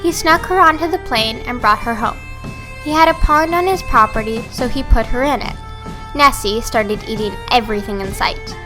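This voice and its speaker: A woman narrating a storybook in a steady reading voice. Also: a little high, normal speed, music in the background.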